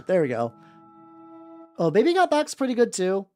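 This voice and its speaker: A man's voice: high-pitched, wildly swooping pitch, measured pace, a little mellow. A man chatting casually while painting miniatures on stream, rambling, repeating words and swearing. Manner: talks to chat while painting. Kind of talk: casual livestream chat. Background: faint background music.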